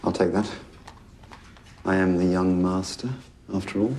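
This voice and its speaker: An actor playing a menacing young heir in a period drama, smooth, soft and insinuating. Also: male voice, deep voice, little pitch movement, a little slow, slight background noise. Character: menacing young male heir, predatory villain. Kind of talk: period television drama acting.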